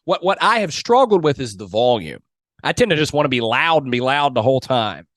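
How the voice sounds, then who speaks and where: Energetic man, dry close sound. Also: mid-range voice, fairly quick, no room sound. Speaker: guest, mock trial competitor and coach. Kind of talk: casual podcast conversation.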